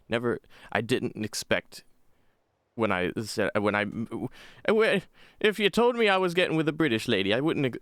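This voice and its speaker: A man's voice: low-pitched, fairly bright tone, clean tone, dry recording. A man giving rambling, casual, profane let's play commentary as a gaming channel host.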